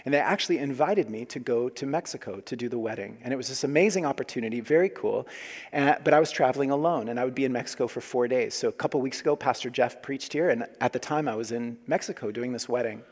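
A man in his forties preaching a sermon as pastor, earnest, moving between loud emphasis and quiet hushed asides. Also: mid-range voice, fast. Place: church sanctuary. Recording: long hall reverb.

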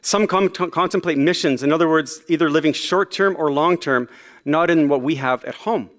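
A man delivers a sermon in a fairly high voice, talking to the congregation like friends. He is casual and self-deprecating, with frequent ums and restarts. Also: moderate pace, fairly bright tone. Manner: conversational and self-deprecating, with many fillers. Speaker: pastor.

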